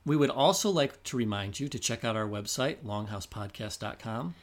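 Relaxed male podcast co-host. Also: mid-range voice, a little fast. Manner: relaxed, explains and reads listener names. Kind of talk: casual podcast chat.

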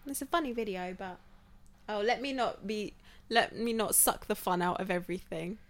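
A woman's voice: mid-range voice, normal speed. A woman in laid-back casual chat as podcast co-host, swearing now and then.

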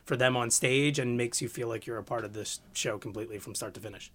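A man's voice: mid-range voice, fast talker, a bit bright. A man who co-created the show, talking enthusiastically about audiences. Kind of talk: casual interview.

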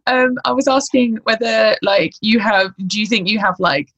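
A woman's voice: a little high, moderate pace, fairly bright tone, highs cut off. A young woman in casual conversation, asking curious questions, laughing easily and using "like" often. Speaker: interviewer.

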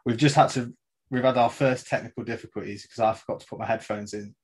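A young man hosting a podcast about football and boxing with a mate. His talk is loose and sweary, full of banter. His voice sits at an ordinary middle pitch. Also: steady tone, quick pace, slightly rough. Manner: laid-back, sweary banter. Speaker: podcast host. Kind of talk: casual chat.

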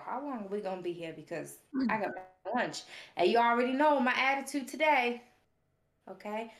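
A woman's voice: medium pitch, reverberant. A woman co-hosting a podcast, telling a story in a casual, sassy way and laughing often. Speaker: podcast co-host.

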